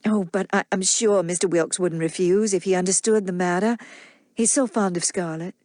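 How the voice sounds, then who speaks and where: A woman voicing a gentle young wife and mother who speaks earnestly and gets flustered easily, pitched a bit above her own voice. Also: steady tone, moderate pace, dry recording, studio quality, lightly acted.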